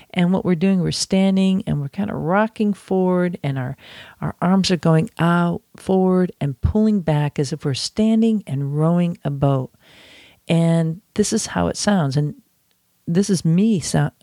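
An author and instructor chats from his office while teaching a lesson on breathing, mocking himself now and then and demonstrating chants aloud. His voice sits on the high side, gravelly and mellow, in a dry recording.

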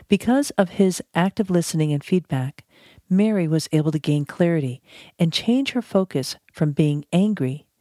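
A woman's voice: low voice, warm tone, no room sound, studio quality. A woman teaching conflict management in a playful, chatty way, speaking straight to the listener. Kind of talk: instructional audiobook narration.

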